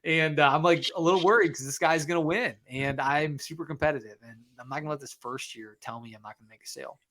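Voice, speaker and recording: A man from Michigan, a guest author, telling a story in casual podcast conversation, lively and acting out the dialogue. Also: a little high, fast. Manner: animated, re-enacts dialogue.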